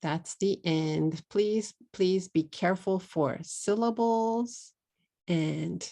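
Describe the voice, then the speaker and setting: A middle-aged Texan woman gives an English pronunciation lesson at a very unhurried pace, saying each word over with care. Her voice sits a little low and has a gravelly fry running through it. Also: warm tone. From United States. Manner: slow and deliberate, repeating words for learners. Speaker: English teacher.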